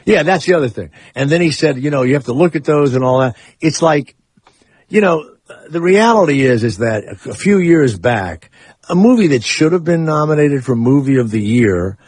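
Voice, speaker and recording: A man's voice: on the high side, lively intonation, moderate pace, darkish tone, slightly rough, dry recording. A man hosting a radio talk show, rambling and opinionated in casual chat. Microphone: studio microphone.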